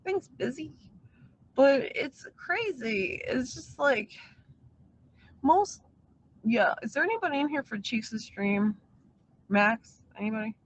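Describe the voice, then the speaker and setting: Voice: high-pitched, lively intonation, takes it slowly, pauses often, low-quality recording. A livestreamer talking to their chat in a casual, meandering way, swearing often and full of fillers. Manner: profane, filler-heavy, meandering. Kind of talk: casual rambling stream chat.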